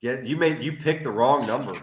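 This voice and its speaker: A man's voice: mid-range voice, moderate pace, a little hiss or hum, poor audio. A man joining in a casual chat about a game session, laughing and cutting in with emphatic remarks.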